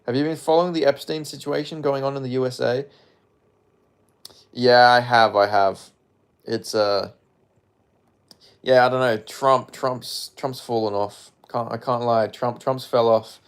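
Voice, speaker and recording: A man's voice: mid-range voice, fairly even intonation, a little slow, long pauses, clean tone. Rambling, jokey Australian man. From Perth, Western Australia. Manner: rambling, jokey, swears freely, mumbles asides. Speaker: streamer reading chat. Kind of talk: casual live-stream chat.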